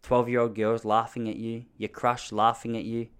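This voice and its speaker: A man telling an embarrassing story from his youth in an animated, self-mocking way. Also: normal speed, clear, resonant tone. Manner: animated, self-mocking, jumps into high panicky voices for his younger self. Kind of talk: comic storytelling.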